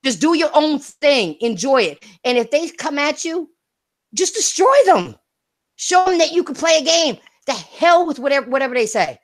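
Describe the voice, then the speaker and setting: Woman streamer, high voice, brash, profane, repeats herself, casual gaming chat. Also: big pitch swings, normal speed. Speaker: streamer and podcast host.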